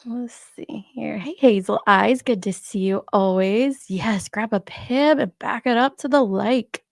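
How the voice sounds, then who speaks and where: A woman in her forties hosts a relaxed live stream, greeting viewers by name as she chats and laughs. Her mid-range voice is gravelly and measured, captured dry and studio-clean through a streaming setup microphone.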